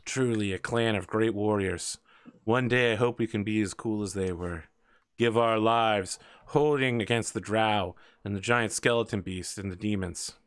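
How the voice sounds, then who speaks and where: Brief: awed dwarf pilgrim, a man voicing him, quiet, low, dry. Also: normal speed, smooth, dry recording, lightly acted. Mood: reverent. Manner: reverent, hushed admiration. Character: reverent young male dwarf pilgrims.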